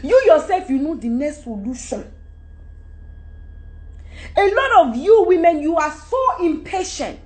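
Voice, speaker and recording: A woman's voice: high voice, unhurried, pauses often. A Nigerian woman in her forties talking straight to camera in a casual, emphatic monologue, jumping from point to point. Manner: animated, emphatic, jumps between topics. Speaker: actress giving advice.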